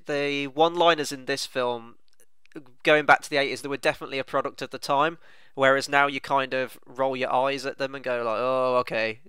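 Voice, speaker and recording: A man's voice: medium pitch, sharp tone, clean tone, no room sound. A man co-hosting a casual film review, chatting enthusiastically with plenty of "you know" fillers.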